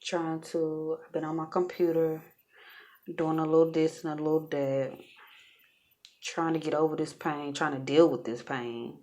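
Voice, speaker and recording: Low-voiced woman chatting to her viewers. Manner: chatty, addresses viewers directly, laughs often. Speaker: vlogger. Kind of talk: casual storytelling vlog.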